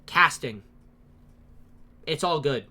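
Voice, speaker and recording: A podcast host in casual movie-review chat, ranting and swearing with plenty of excitement and frequent laughter. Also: medium pitch, takes it slowly. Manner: laughs often while talking.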